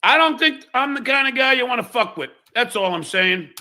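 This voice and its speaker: A man's voice: very high voice, animated, fairly quick, sharp tone. A man in a recorded rant, taunting and threatening someone.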